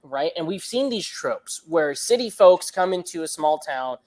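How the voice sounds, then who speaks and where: A man's voice: fairly high pitch, animated, unhurried, a little mellow. A man co-hosting a movie review podcast, talking in a casual, rambling way with lots of fillers. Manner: rambling, many fillers and restarts. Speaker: podcast co-host.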